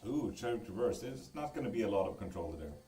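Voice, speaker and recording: Tarot streamer, man, low mellow voice, laid-back and profane, chatting to viewers from an echoey room away from the mic. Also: expressive, fast talker, recorded from a distance. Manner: loose, joking, swears freely while reading viewer comments. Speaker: tarot reader and live streamer. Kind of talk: casual live-stream chat.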